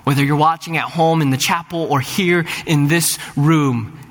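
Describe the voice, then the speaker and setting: A middle-aged man preaches a sermon with a slightly raised pitch. His delivery is earnest, often doubling words at the start of a thought, and climbs to fervent peaks. The voice rings out with a long hall reverb from a church sanctuary. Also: fairly even intonation, normal speed. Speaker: pastor.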